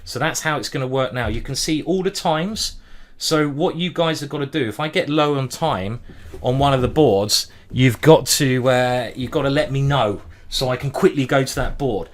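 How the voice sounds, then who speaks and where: A man streaming a simultaneous chess display, thinking aloud move by move in a hurried way and humming as he ponders. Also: medium pitch. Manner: hurried, juggling many boards. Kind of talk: live-stream chess commentary.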